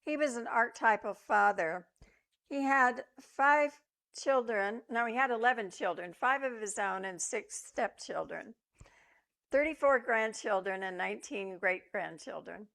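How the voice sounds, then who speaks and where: An older woman minister giving a sermon, telling personal stories with reflection and gentle humor. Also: a little high, measured pace, creaky.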